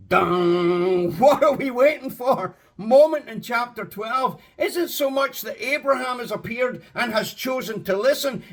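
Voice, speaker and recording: High-voiced man preaching slowly. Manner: impassioned, rising to shouts; slow, drawn-out emphasis. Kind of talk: sermon.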